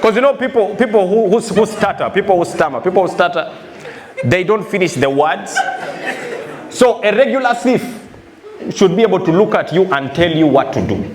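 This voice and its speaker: A man's voice: high voice, expressive, normal speed, darkish tone. A man with a Ugandan accent performing live stand-up comedy, telling stories full of quoted voices and repeated "I said". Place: live comedy venue with a laughing audience. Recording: roomy live hall with crowd noise.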